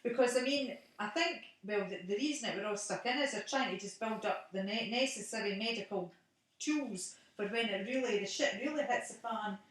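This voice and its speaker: A woman's voice: fairly high pitch, a little fast. Chatty Scottish woman, echoey and distant. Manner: chatty, laughs often, lively. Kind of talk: casual phone chat. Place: home.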